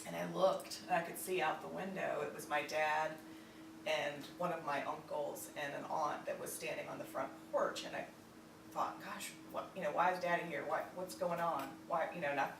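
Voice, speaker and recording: A woman from Virginia telling a personal family story, halting with many fillers and restarts. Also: sits low, vocal fry. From Virginia, United States. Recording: roomy echo, distant mic, faint noise.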